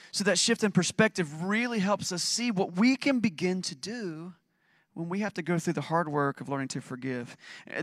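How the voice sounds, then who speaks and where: Male pastor, fairly high voice, casual but emphatic preaching, dry close sound. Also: fairly bright tone, no room sound. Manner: conversational, emphatic preaching with dramatic readings. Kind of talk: sermon.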